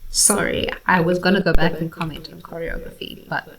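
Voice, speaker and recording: A woman's voice: lowish voice, little pitch movement, fairly quick, loud music behind the voice. Chatty woman singer in an echoey room. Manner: chatty, breaks into scat-singing rhythms. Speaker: classical singer reacting to music. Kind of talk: casual music analysis. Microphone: home microphone.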